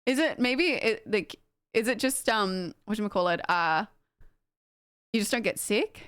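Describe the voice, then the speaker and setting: A woman's voice: mid-range voice, expressive, unhurried, a bit bright, smooth. A young woman, livestreaming and chatting casually with her viewers, rambling with lots of fillers and laughter. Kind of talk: casual chat with stream chat.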